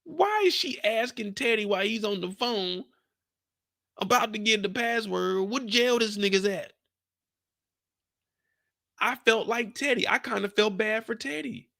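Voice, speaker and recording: Animated, gravelly man hosting a recap. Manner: animated, profane, swings into high exclaiming bursts. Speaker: show recap host. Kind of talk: live after-show reaction.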